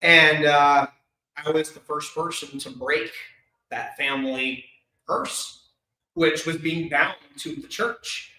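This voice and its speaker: A man candidly sharing a personal story with an audience, open and emotional, with quick flashes of humor. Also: on the high side, bright, forceful tone. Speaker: speaker sharing his life story. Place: event hall at an expo. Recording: echoey hall.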